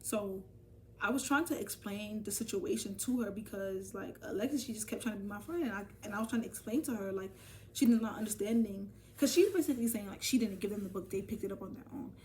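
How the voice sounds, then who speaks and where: A young woman telling a casual storytime vlog, animated and profane, talking straight to her viewers. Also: mid-range voice, fast, distant mic. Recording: voice from off the mic, faint ambient noise.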